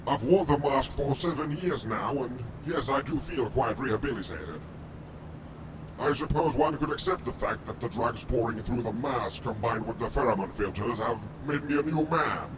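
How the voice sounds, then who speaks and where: An actor playing a masked male ex-convict who calls himself a doctor, speaking in a formal, affected way, recorded from a distance over a rumbling noise. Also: expressive, moderate pace, natural voice. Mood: composed. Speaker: film character. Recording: distant mic with noisy rumble.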